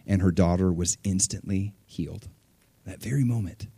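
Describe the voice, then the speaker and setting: A man preaching a sermon, retelling scripture in an animated way, swinging between hushed and loud and laughing often. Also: sits low, normal speed, vocal fry, husky, dry recording. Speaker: pastor.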